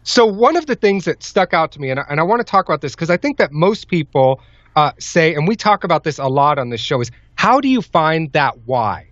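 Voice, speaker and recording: A man's voice: a little high, big pitch swings, a little fast, a bit bright, no room sound. A man hosting a podcast, emphatic and enthusiastic as he asks questions and comments. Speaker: podcast host. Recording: dry, dull lo-fi sound.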